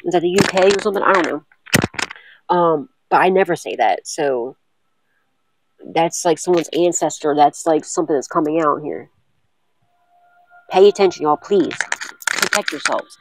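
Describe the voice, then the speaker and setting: A woman's voice: low-pitched, normal speed, pauses often, slight background noise, rough recording. A woman tarot reader in a casual vlog, talking bluntly and cursing often while she repeats urgent warnings to her viewers.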